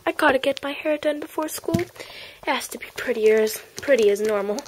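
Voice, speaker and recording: A woman's voice: high voice, animated, moderate pace, poor audio. A woman voicing a spoiled, bratty popular schoolgirl in an amateur homemade play, snotty and boastful, sometimes hissing in whispers. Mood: scheming.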